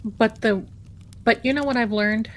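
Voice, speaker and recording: A woman's voice: on the high side, unhurried, a little hiss or hum. An American woman hosting a casual livestream, chatty, repeating herself and sometimes dropping to a whisper. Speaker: livestream host.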